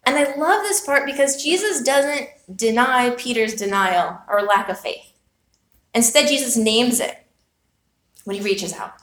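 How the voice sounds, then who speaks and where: A woman's voice: a little high, a little slow, fairly bright tone. A woman preaching a sermon, telling a personal story with earnest, reflective rhetorical questions. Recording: echoey room.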